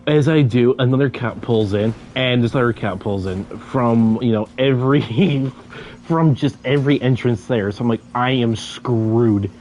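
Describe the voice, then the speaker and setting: A man's voice: mid-range voice, moderate pace, darkish tone, a little hiss or hum. A young man casually telling a story while gaming, stuttering and repeating sounds, laughing as he goes.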